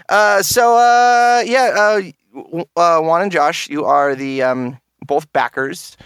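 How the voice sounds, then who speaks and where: A man's voice: on the high side, slow pace, fairly bright tone, clean tone, no echo, studio quality. A man hosting a casual gaming podcast, joking crudely and laughing often. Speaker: podcast host.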